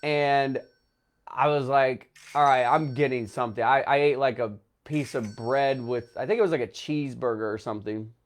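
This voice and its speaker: A man's voice: medium pitch, normal speed. A young man, a travel vlogger, telling a personal story to the camera in a rambling way full of fillers, a little tearful. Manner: rambling, filler-heavy, emotional retelling. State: tearful, runny nose.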